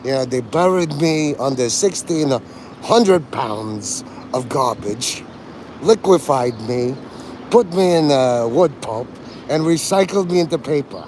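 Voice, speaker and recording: A man doing a gruff older film star, barking "Ha!". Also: medium pitch, animated, measured pace, slight background noise, close to an everyday voice. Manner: punctuates lines with a sharp "Ha!".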